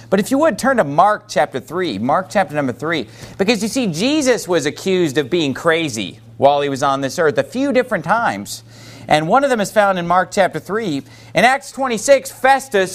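A man with an American accent preaching an evening sermon, reading scripture slowly and then retelling it in plain everyday words. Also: high-pitched. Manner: reads scripture slowly, paraphrases in plain speech. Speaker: pastor.

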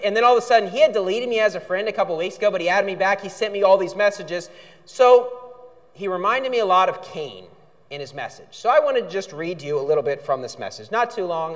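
A male pastor preaching a sermon, indignant, with outbursts when angry. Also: sits high. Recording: reverberant hall.

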